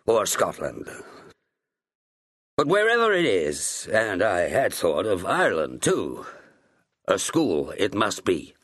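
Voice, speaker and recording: A man's voice: deep voice, huge pitch swings, slow, long pauses, a bit bright, no room sound, clean studio sound, heavily acted. A man voicing a firm, earnest middle-aged ship's master speaking as a fatherly uncle.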